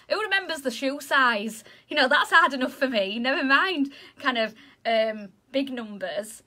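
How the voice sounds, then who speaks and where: A zoo educator from Yorkshire, England, teaches children in a chatty, bubbly online lesson, often poking fun at herself. Her voice is high, expressive and sharp in tone, and she takes her time.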